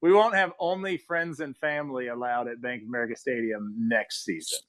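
A man's voice: mid-range voice, fairly even intonation, brisk, a bit bright, poor audio. Jokey man co-hosting a podcast. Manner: jokey, laughs often, teasing. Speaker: podcast co-host. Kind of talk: casual chat.

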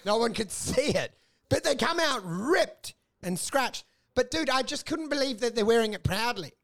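A man with a notably high-pitched voice rambles through crude, animated stories. He talks in a loose, casual podcast manner. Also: moderate pace. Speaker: podcast co-host. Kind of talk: casual comedic chat.

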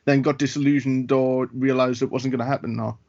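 A man's voice: mid-range voice, level tone, a little fast, darkish tone. A man hosting an interview, asking hesitant, searching questions with many fillers. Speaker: podcast interviewer. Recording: dull lo-fi sound.

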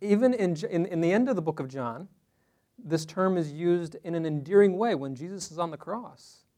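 A man's voice: fairly high pitch, expressive, normal speed, warm tone. A man teaching a Bible study class to a small group in a room, talking conversationally and asking the group questions.

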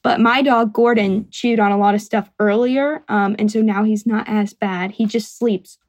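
A woman's voice: medium pitch, fairly even intonation, moderate pace, darkish tone, no echo. A young woman from North Georgia with a Southern accent, a singer guest chatting casually and laughing easily. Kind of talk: casual interview chat.

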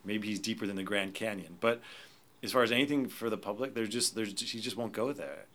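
A man's voice: on the low side, fairly quick, fairly bright tone. A man hosting a podcast, chatting casually with dry, sardonic teasing. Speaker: podcast host.

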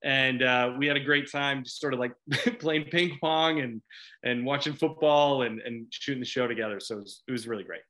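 A middle-aged man from Chicago chats as a guest in a casual interview. His voice is bright and forceful, and he laughs often. He rambles, restarting his sentences as he goes. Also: medium pitch, moderate pace. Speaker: actor guest.

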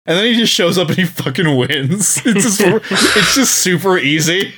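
A man's voice: sits high, normal speed, slightly rough. A man co-hosting a podcast, casually retelling a book's plot with laughs and swearing. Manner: laughing, profane, animated storytelling. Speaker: podcast co-host.

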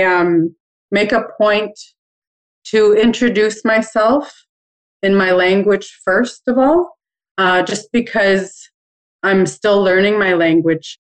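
A middle-aged woman from Canada answering interview questions about making ribbon skirts, in a calm, measured, thoughtful way. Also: medium pitch, low-quality recording.

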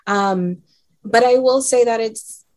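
A woman's voice: a little high, slow pace, a little mellow. Bubbly young New woman. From Queens, New York. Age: 20s. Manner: bubbly, many filler ums. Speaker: podcast guest, streamer. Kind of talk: casual podcast chat.

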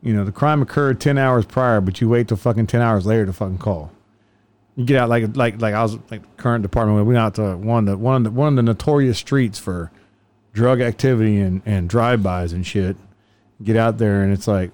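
A man's voice: fairly low pitch, quick pace, darkish tone. A man, a police officer telling profane stories in casual chat, laughing as he goes. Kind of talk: casual podcast storytelling.

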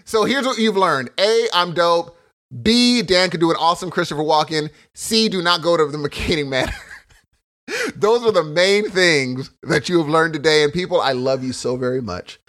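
A man's voice: on the high side, normal speed, fairly bright tone. A man co-hosting a podcast in casual chat, jokey and boastful. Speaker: podcast co-host.

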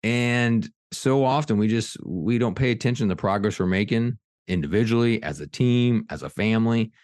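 Middle-aged male podcast guest, low voice, fired-up and earnest, dry close mic. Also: normal speed, no room sound. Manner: energetic, earnest, many restarts. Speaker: executive coach and author, guest. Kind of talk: podcast interview storytelling.

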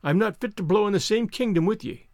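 A man voicing a proud, quick-tempered Highland gentleman piper, in a formal, stiff manner while reading a novel aloud. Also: no room sound, studio quality. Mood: humbled.

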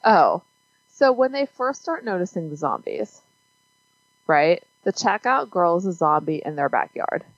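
A woman co-hosting a relaxed movie chat, her low voice rising and falling a lot as she talks. She drifts off her point now and then. The sound is dry and dull, like a lo-fi home recording. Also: measured pace, no room sound. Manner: loses track of her point. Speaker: podcast co-host. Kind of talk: casual movie review chat.

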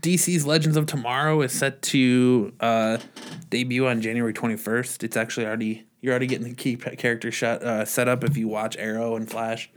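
A man hosts an easygoing chat at a middle pitch, loose and profane with strong opinions. He breaks into laughter between points. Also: steady tone, fairly quick. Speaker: podcast host. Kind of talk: casual chat.

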